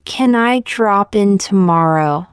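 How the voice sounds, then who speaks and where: A woman reading short example sentences one by one for English learners, in a slow, deliberate, evenly paced way. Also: medium pitch, animated, smooth, dry recording, studio quality. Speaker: English teacher.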